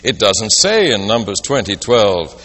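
A man's voice: on the low side, big pitch swings, measured pace, a bit bright, slight background noise. A man preaching a sermon, telling a story and posing rhetorical questions. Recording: long reverb of a large hall.

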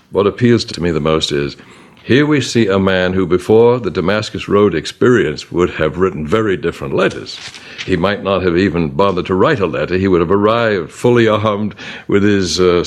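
A man giving a Bible study lecture, reading verses aloud and naming their punctuation. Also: deep voice. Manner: reads verses aloud with punctuation, animated emphasis. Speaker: Bible teacher.

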